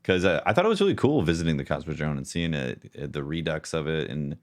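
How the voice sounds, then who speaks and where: A man's voice: extremely low pitch, big pitch swings, quick pace. A man co-hosting a casual podcast chat in a joking, playful way. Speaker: podcast co-host.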